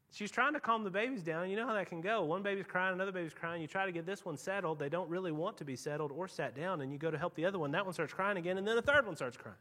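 A pastor delivers a lively sermon, his voice pitched high and swooping all over the place. He tells stories casually, then builds to loud, emphatic peaks before dropping to quiet asides. His tone is bright and forceful. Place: church.

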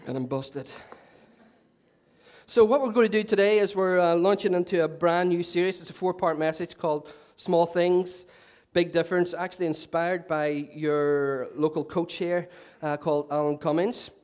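A man's voice: fairly high pitch, fairly even intonation, moderate pace, a little mellow. A man preaching a sermon to his church, chatty and self-mocking with joking asides. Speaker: pastor. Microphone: handheld mic.

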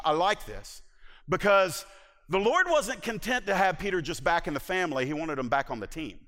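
A man's voice: high-pitched, expressive, normal speed, a bit bright, in a large hall. A male pastor preaching a sermon, retelling a Bible story dramatically and acting out its voices.

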